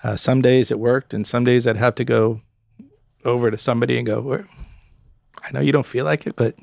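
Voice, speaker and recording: Gravelly-voiced man telling restaurant stories. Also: medium pitch, a little fast, dry recording, studio quality. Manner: animated storyteller, acts out customers and staff. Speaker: guest, former pub owner. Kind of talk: casual podcast conversation.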